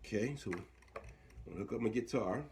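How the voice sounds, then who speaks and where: A man's voice: on the low side, brisk, a little mellow, a little hiss or hum. A man talking casually through a hands-on equipment demo, thinking aloud and trailing off mid-sentence. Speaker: equipment demonstrator.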